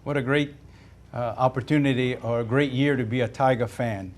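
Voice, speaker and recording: Measured, thoughtful male guest. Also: medium pitch, steady tone. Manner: measured, thoughtful, recalls carefully. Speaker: studio guest, former player. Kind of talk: reflective sports talk.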